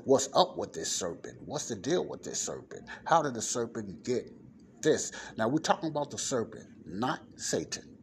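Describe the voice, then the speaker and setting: A man's voice: medium pitch, sing-song, normal speed, a little hiss or hum. A man giving an informal Bible lesson in a conversational way, often checking in with his listeners. He reads passages aloud and explains them. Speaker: Bible teacher. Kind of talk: informal scripture teaching. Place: non-soundproof spot in a library.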